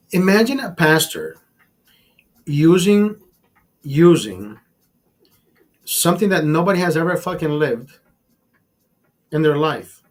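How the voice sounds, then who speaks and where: Heated, profane man ranting to his chat. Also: on the high side. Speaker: livestream host. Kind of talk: casual talk to a live chat.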